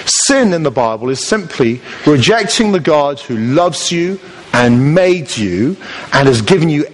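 A man preaching a sermon, telling the story with humour and acting out voices. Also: on the high side. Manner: lively storytelling, acts out voices for comic effect. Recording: long reverb of a large hall.

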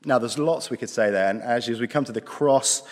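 A man preaching a sermon in a conversational way, with dry asides, slowing down for emphasis. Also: mid-range voice. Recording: long hall reverb.

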